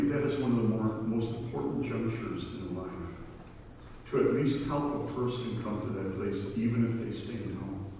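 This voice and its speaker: A man preaching a sermon, telling stories in a conversational way with asides. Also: mid-range voice. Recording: echoey hall from far off, faint noise.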